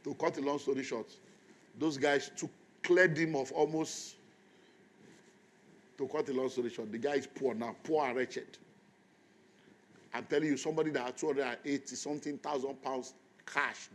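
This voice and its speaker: A middle-aged man with a Nigerian accent preaching, telling an animated story and acting out dialogue. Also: medium pitch, normal speed, pauses often. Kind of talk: storytelling sermon.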